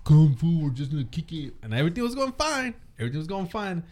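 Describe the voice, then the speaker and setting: A man's voice: a little high, very animated, fast, darkish tone. A young man telling stories in casual chat, laughing often and mixing in Spanish words. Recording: noisy background.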